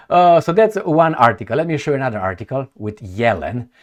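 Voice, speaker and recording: Blunt, sarcastic man with a lively voice. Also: mid-range voice, a little fast, muffled recording. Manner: blunt, profane, rambling. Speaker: commentator reacting to news. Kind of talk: casual commentary.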